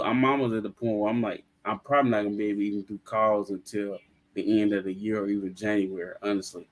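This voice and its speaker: Low-voiced laid-back male trader. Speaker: guest trader. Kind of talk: casual chat.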